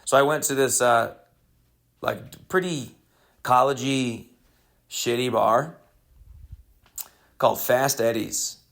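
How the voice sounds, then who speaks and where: A man with a gravelly, mid-range voice tells a loose, rambling story on his comedy podcast. His delivery is deadpan, with crude jokes. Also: medium pitch, slow, long pauses. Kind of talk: casual storytelling monologue.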